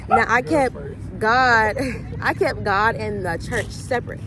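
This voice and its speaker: A woman's voice: fairly high pitch, measured pace, a crowd in the background, background noise. A young woman hosting a faith vlog, casually retelling a movie and acting out the characters' lines. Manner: chatty storyteller acting out quoted dialogue.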